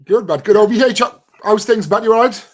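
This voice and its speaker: A man's voice: sits high, brisk, husky. A man hosting a casual sports podcast, introducing his co-hosts with showman-like flair. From United Kingdom. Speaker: podcast host.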